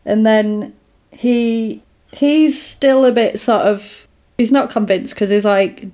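A woman's voice: fairly high pitch, slow, mellow. A woman casually retelling a film plot in a chatty podcast, with lots of fillers.

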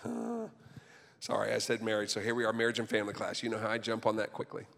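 A man preaching a sermon as pastor, impassioned, often building to near-shouting, with stumbles and restarts. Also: fairly low pitch, sing-song, fast talker, vocal fry, long reverb tail.

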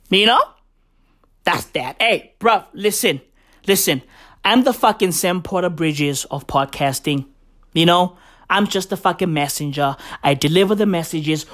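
A woman delivering a comedic podcast rant, rambling and profane, full of slang. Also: mid-range voice.

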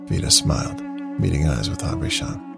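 A man narrating a story in a steady, dramatic reading with a husky, creaky voice. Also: sits low, normal speed. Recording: dry close mic, faint music.

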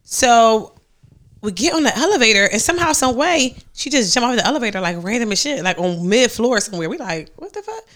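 A young adult woman hosting a podcast, telling a story in casual chat, animated and full of profanity. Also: fairly high pitch, fairly quick. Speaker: podcast host.

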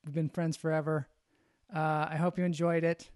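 Male podcast host outro, high smooth voice, relaxed, dry studio sound. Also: moderate pace, no room sound. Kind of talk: show sign-off.

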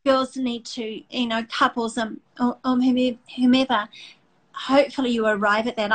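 A woman's voice: a little high, fairly bright tone, rough recording. A middle-aged woman hosting a faith talk show, speaking earnestly and emotionally with many restarts. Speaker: host.

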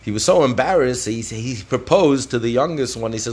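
A man's voice: medium pitch, lively intonation, a little fast, hardly any pauses, darkish tone, slightly rough. Male Talmud teacher, passionate storyteller, peppers the lesson with Hebrew. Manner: passionate, retells the story vividly with Hebrew phrases. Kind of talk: daf lesson.

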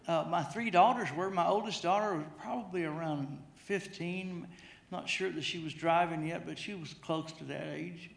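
A man's voice: fairly high pitch, normal speed, vocal fry. A middle-aged man preaching a sermon, telling a humorous personal story, often repeating his words as he goes. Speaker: pastor. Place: church sanctuary. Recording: echoey church hall.

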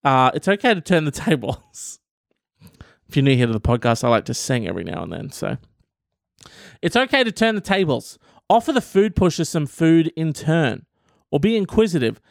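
Comedic male podcast host, rambling and profane, very lively delivery, dry sound. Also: fairly high pitch, moderate pace, gravelly, dry recording. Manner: reads out an article and riffs on it.

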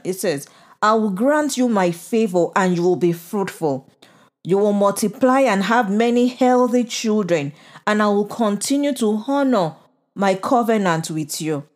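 A woman delivering a devotional sermon, slow and emphatic, encouraging, with lots of repetition. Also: mid-range voice, a little mellow. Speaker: preacher.

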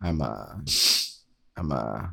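A man's voice: rumbling low, lively intonation, takes it slowly, creaky, a little mellow, husky. A man hosting a podcast, rambling through goofy tangents in casual, jokey banter. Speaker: podcast host.

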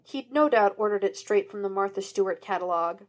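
A woman narrating fan fiction in an even, unhurried reading voice. Plain and clear. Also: mid-range voice. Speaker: audiobook reader.

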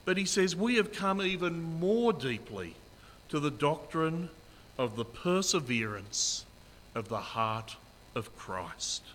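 A man's voice: a little high, a bit bright, in a large hall. A middle-aged man preaching a sermon as pastor, earnest and emphatic, repeating key phrases.

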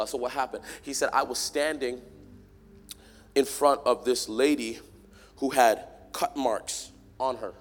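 A man preaching a sermon to a church congregation, swinging from quiet, close talk to loud, shouted call-and-response. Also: mid-range voice, fairly even intonation, a little fast. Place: large church hall. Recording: long hall reverb.

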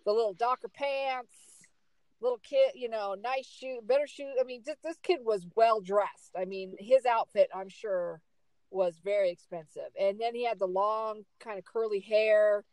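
A middle-aged woman telling a story in casual chat, emphatic and animated. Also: normal speed, no room sound, low-quality recording. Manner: animated, emphatic storyteller with big swings in pitch.

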